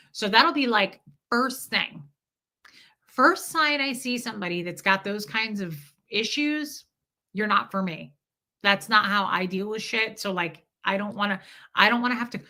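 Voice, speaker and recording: Reading her viewers' chat on a laid-back livestream, this woman talks directly to her audience in a medium-pitched voice with a bright, forward edge. She's candid and emphatic, curses freely, and frequently restarts or repeats words.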